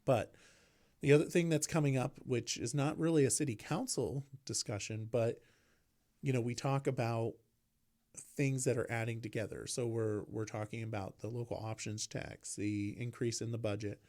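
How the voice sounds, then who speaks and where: A man from Vermont co-hosting a casual local politics talk show, speaking haltingly with many restarts. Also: mid-range voice, steady tone, darkish tone. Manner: halting, restarts, frequent fillers. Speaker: local podcast co-host, city councilor.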